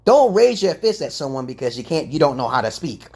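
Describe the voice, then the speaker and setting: Husky profane man ranting loud then low. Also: sing-song, a little fast. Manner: profane, confrontational, swinging between loud outbursts and low mutters. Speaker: livestream host. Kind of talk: ranting livestream monologue.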